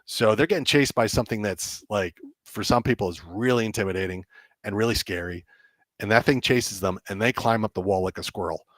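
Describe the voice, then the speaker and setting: A man, a game developer guest on a podcast, telling an animated story and acting out the dialogue with lots of restarts. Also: lowish voice, a little fast, dry recording. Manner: excitable, acts out quoted dialogue, many restarts.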